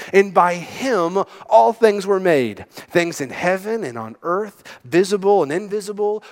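A man preaching a sermon as pastor, emphatic and sometimes dropping to a hush. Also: sits high. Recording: long hall reverb.

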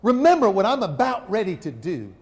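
A preacher voicing Jesus, earnest and solemn. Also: male voice, sits high, huge pitch swings, fairly quick. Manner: earnest, conversational retelling. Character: Jesus, calm grown male teacher foretelling betrayal. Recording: long hall reverb.

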